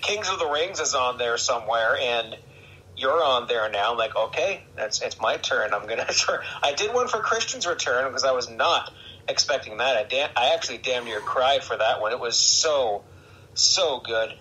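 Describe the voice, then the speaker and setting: A man hosting a podcast, chatting casually and excitably about wrestling and laughing often. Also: mid-range voice, moderate pace, slight background noise, poor audio. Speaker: podcast host. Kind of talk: casual chat.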